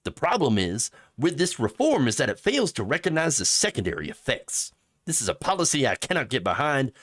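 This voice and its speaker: A man's voice: medium pitch, sing-song, fast, fairly bright tone. A man reading out a quote as a stern, moralizing male conservative politician, in a put-on accent. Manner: puts on an accent while quoting.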